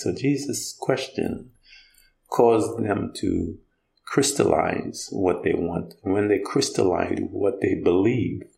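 A man with a gravelly, fairly low, slightly mellow voice delivers a conversational sermon in an easy manner, retelling scripture and acting out the quotes. The space around him is roomy, giving his voice an echo.

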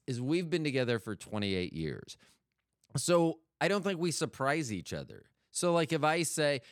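In smooth, studio-quality audio with no echo, a middle-aged man with a medium-pitched voice hosts a solo podcast. He rambles and jokes, constantly cutting himself off mid-thought.

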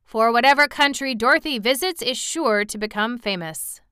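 A woman reading aloud and voicing a grand, gracious male fox king in a storybook, with a courtly, flattering manner. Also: fairly high pitch, normal speed, smooth, dry recording, clean studio sound, voice pushed up.

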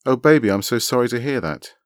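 A man's voice: fairly low pitch, a little fast, no room sound, clean studio sound, natural voice. A man reading a bubbly flirty woman. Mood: teasing. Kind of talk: reading a story aloud.

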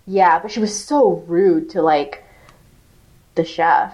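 A woman co-hosting a podcast, telling an animated, profanity-laced story full of "like" fillers in casual chat. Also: fairly low pitch, slow. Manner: animated, swearing, lots of "like" fillers. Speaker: podcast co-host.

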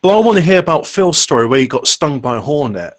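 A man's voice: fairly high pitch, big pitch swings, quick pace. A man chatting casually with friends and laughing at his own jokes. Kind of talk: casual group chat.

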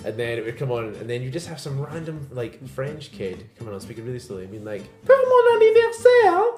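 A man's voice: mid-range voice, quick pace, darkish tone. A young man and podcast co-host, telling a rambling story in casual, tipsy banter with lots of laughing. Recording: roomy echo, music behind.

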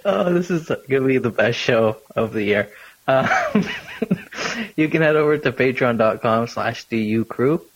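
A man's voice: medium pitch, no room sound, poor audio. A man from Canada co-hosting a podcast, tossing in dry, teasing one-liners during casual chat. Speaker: podcast co-host.

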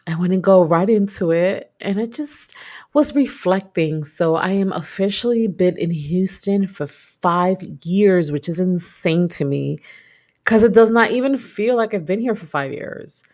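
A woman's voice: on the low side, lively intonation, unhurried, darkish tone. A woman from Brooklyn with a New York accent, hosting a podcast in reflective, chatty casual talk. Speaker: podcast host. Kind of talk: casual solo podcast chat.

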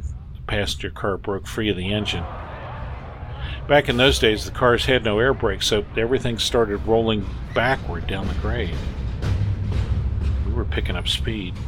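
Low-voiced man narrating a story. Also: fairly bright tone, slight background noise. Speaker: audiobook narrator. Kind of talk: first-person story narration.

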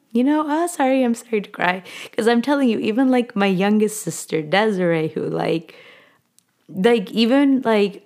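A woman's voice: medium pitch, darkish tone. Young woman mixing English and Spanish. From Southern California. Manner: code-switches between English and Spanish, heavy "like" fillers; heartfelt, rambling. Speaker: podcast host. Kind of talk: casual solo podcast monologue.

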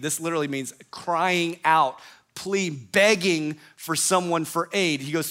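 A male pastor delivering a sermon, emphatic and repetitive, often letting his phrases fall away softly at the end. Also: on the high side, a little slow. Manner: emphatic, repetitive preaching with falling phrase endings.

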